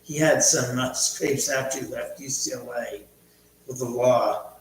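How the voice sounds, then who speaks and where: A man's voice: mid-range voice, unhurried. Middle-aged man rambling in an echoey room. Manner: rambling storyteller, reads viewer comments aloud. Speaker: livestream host. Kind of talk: casual livestream chat. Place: large echoey room at home. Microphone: laptop mic from a distance. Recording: very echoey, distant, faint hum.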